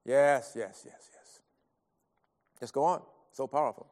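A middle-aged man preaching an earnest, pleading sermon that swings between soft talk and loud cries. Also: mid-range voice, unhurried, long reverb tail.

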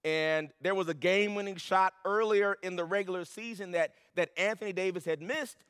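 A man's voice: sits high, a little fast, fairly bright tone, smooth, long reverb tail. A man preaching a sermon as pastor, building to emphatic, repeated lines.

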